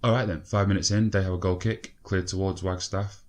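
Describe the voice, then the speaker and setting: A young man commentating on his own football management game, excitable, swearing and urging his players on. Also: sits low, brisk. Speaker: gaming video creator.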